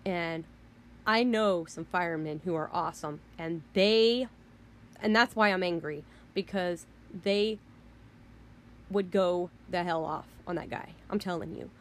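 A woman's voice: on the low side, measured pace, a little hiss or hum. A woman hosting a podcast, ranting in an indignant, heated way with mild swearing and frequent restarts. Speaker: podcast host. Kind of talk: casual rant.

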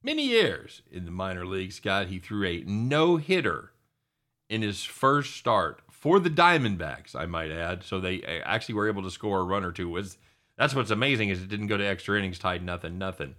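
A middle-aged man hosting a sports talk show, excitable and chatty, often calling his co-host by name. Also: low voice, normal speed.

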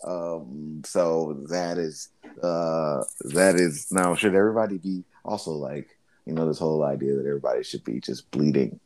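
A deep-voiced man talks loosely with friends on a podcast. His tone is dark and mellow, and he rambles and jokes, swearing freely as he goes. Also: steady tone, moderate pace, a little hiss or hum. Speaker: podcast co-host. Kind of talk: casual chat.

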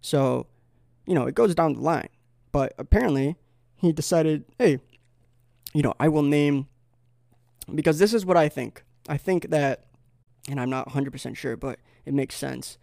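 Talking to camera in a rambling, comedic vlog, a man fills his speech with fillers, digressions and bursts of mock-insulting sarcasm. His voice is fairly high with vocal fry and a darkish tone, at a moderate pace. It's a dry, studio-quality recording.

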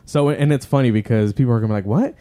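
Mellow-voiced young man telling stories. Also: mid-range voice, rapid-fire. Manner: tells stories with quoted voices. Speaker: podcast co-host. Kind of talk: casual chat, storytelling.

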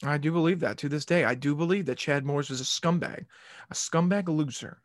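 This podcast host talks a little fast in a fairly high voice, recorded at studio quality with no room sound. He runs a casual sports show where he wanders off topic, cracks jokes, rants and curses.

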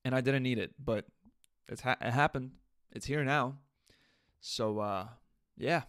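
A man hosting a casual solo podcast, telling a story in an animated, venting way with swearing. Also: medium pitch, unhurried, clear, resonant tone, no echo, studio quality. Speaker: podcast host. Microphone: USB interface podcast mic.

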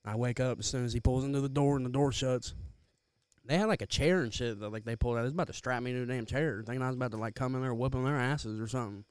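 Young man, podcast co-host, loose and profane, mid-low voice, dry close sound. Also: very fast, clear, resonant tone, no echo. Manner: loose, profane storytelling, laughs often. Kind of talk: casual storytelling chat.

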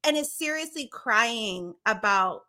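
A young woman co-hosting a podcast, recapping a TV show in animated, slangy, gossipy chat. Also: on the high side, slow pace. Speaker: podcast co-host. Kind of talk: casual chat.

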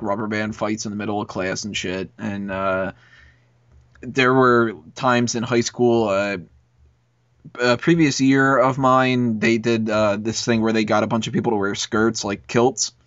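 A podcast host with a voice on the low side tells a long, rambling school story, swearing often and using plenty of fillers in a casual chat. There's no room sound, and the recording is dull and lo-fi.

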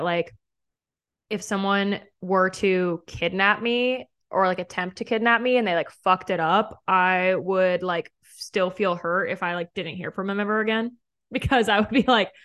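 A woman's voice: medium pitch, moderate pace, fairly bright tone. Chatty young woman telling a story. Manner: chatty, laughs often, heavy use of "like". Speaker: podcast host. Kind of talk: casual storytelling.

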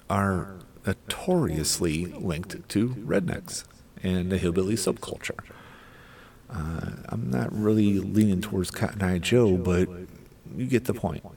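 A man's voice: low voice, vocal fry, a little mellow. A middle-aged man hosting a podcast, rambling through casual solo commentary with irreverent, crude asides. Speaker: podcast host.

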